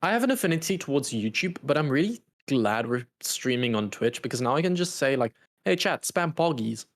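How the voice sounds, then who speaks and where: A man's voice: mid-range voice, very animated, brisk. A man co-casting a live esports match, joking and bantering with his partner and the viewers. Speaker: esports co-caster.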